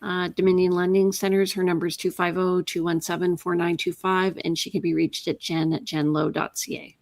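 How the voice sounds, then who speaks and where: An upbeat woman hosting a real estate talk show, chatting casually and briskly reading out numbers and emails. Her voice sits at a middle pitch, and the recording is close and dry with no room sound. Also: flat delivery, no echo. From Canada. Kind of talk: casual radio-style chat.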